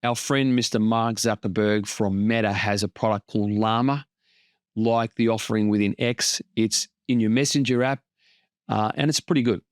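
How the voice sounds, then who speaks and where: A man's voice: lowish voice, steady tone, moderate pace, smooth, no echo, clean studio sound. A man hosting a casual tech explainer, plain-spoken and lightly joking as he walks through tools. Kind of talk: casual tutorial narration.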